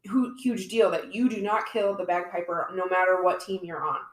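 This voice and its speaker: A woman's voice: fairly low pitch, moderate pace. Playful woman telling a story, echoey room. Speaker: podcast co-host telling a history story. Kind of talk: casual storytelling chat.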